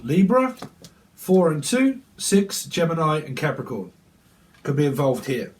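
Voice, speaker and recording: A man's voice: on the high side, big pitch swings, a little slow, a little hiss or hum. A man giving a casual tarot reading at home, blunt, rambling and profane. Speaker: tarot reader. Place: at home, windy day.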